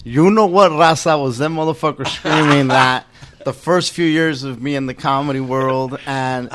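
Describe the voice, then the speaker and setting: A man's voice: medium pitch, moderate pace, very noisy. A man from Wilmington, California, a comedian visiting a podcast studio, talking loosely with frequent laughs, stumbling restarts and plenty of swearing. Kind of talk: casual podcast chat.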